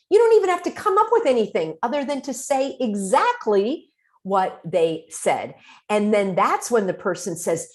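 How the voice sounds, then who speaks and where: A woman from the United States talks casually to her viewers as the host of her own show. Her mid-range voice swoops up and down freely, and she keeps slipping into quick acted-out replies. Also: medium pitch. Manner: animated, acts out short quoted replies. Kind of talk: casual talk to camera.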